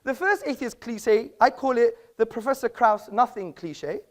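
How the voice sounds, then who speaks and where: A man's voice: very high voice, expressive, moderate pace. A man giving a formal debate speech in an auditorium, lecturing and argumentative, with rhetorical questions.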